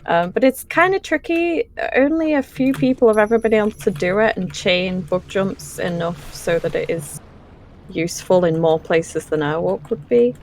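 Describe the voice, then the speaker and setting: A woman casually commentating her own speedrun, explaining the tricks in a relaxed way with frequent ums. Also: medium pitch, normal speed.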